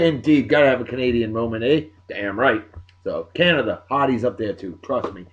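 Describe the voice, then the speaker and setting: A man's voice: medium pitch, animated, normal speed, a bit bright. Boisterous New man, lo-fi. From Martha's Vineyard, Massachusetts. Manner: boisterous, salty, hollers catchphrases. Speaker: podcast host giving shout-outs. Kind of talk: casual rambling shout-outs.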